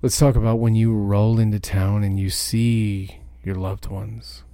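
A truck driver giving a profane, ranting podcast monologue. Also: male voice, fairly low pitch, little pitch movement, measured pace, dark tone, dry recording, studio quality.

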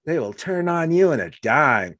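A slightly high-voiced man hosts a casual conversation at a moderate pace, recorded dry. He tells stories with energy, voicing what others said as he goes.

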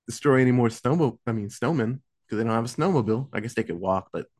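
A young man casually retelling a movie's plot in a podcast, swearing often and briefly acting out the characters. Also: medium pitch. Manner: animated, profane, acts out characters in quick asides. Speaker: podcast host recapping a film. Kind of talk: casual storytelling recap.

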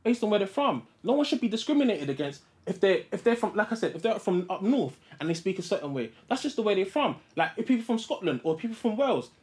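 A high, lively man's voice, pushing his point hard in a podcast debate. He talks quickly and insistently and keeps cutting in over the others. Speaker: podcast co-host. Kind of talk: heated casual debate.

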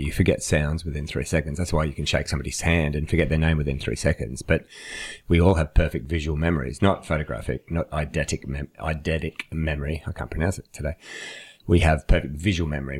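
A man's voice: extremely low pitch, darkish tone, breathy edge. A man co-hosting a casual podcast chat, explaining with stories and laughing often. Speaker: podcast co-host, listening trainer.

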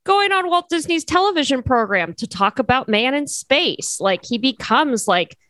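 A woman's voice: high-pitched, expressive, moderate pace, a bit bright, dry recording. A woman co-hosting a podcast, talking loosely with lots of fillers and jokey asides. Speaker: podcast co-host. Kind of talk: casual chat.

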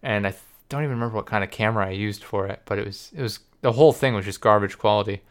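A man's voice: fairly low pitch, racing, smooth. A young man co-hosting a podcast, telling rambling, profane, self-deprecating stories in casual chat. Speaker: podcast co-host and video editor.

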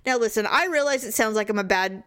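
A woman's voice: a little high, fast, a bit bright. A woman co-hosting a casual chat, telling stories animatedly and acting out quotes in exaggerated voices. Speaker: podcast co-host.

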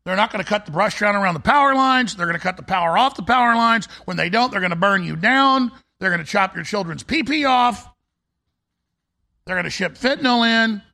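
Gravelly, ranting male talk host. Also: high voice, lively intonation, a little fast, sharp tone. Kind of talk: fiery political monologue.

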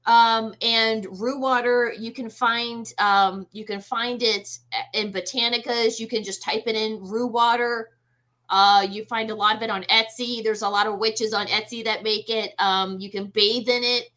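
A woman, a medium, telling her own ghost experience in a casual interview, animated and full of fillers and restarts. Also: fairly high pitch, a little slow. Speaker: guest medium.

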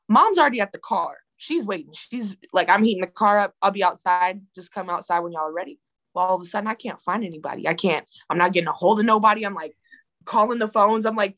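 A woman's voice: medium pitch, a little fast, low-quality recording. Young woman telling a story animatedly. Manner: animated, acts out quoted lines. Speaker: guest. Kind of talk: casual storytelling.

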